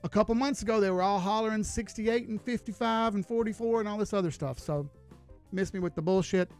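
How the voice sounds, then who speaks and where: A man's voice: sits high, a little fast, darkish tone, faint music behind. A man giving live chart analysis on a stream, talking casually and greeting viewers as he goes. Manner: casual, folksy, chats with viewers while reading charts.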